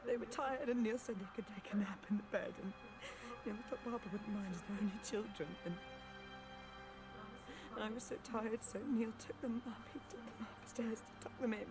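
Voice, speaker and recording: An actress playing a frightened, exhausted young woman who speaks haltingly and trails off. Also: on the high side, fairly even intonation, music in the background, natural voice, low-quality recording.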